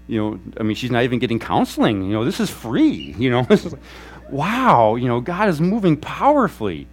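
A man preaching a sermon as a pastor, telling stories in an animated way and acting out quoted voices. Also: mid-range voice, fairly quick. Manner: animated storytelling, acts out quotes. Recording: faint mains hum.

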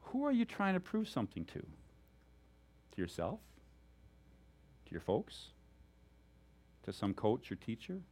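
A male pastor giving a sermon in an animated, storytelling way, chuckling often as he talks. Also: mid-range voice, slow, pauses often, husky.

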